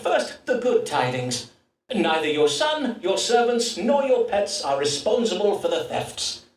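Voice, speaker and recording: Elizabethan astrologer-physician, formal and halting, roomy echo. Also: male voice, high-pitched, sing-song, slight background noise. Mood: courteous. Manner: measured, formal olde-English with hesitant fillers. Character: Elizabethan astrologer-doctor, pompous yet awkward. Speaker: doctor. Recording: distant roomy game audio.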